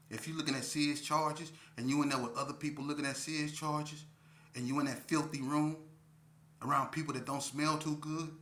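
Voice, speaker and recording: A man giving a casual monologue, talking slowly and repeating himself like a preacher. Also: mid-range voice, sharp tone, reverberant. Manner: preachy street talk, repeats himself, drawn-out pauses. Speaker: vlogger.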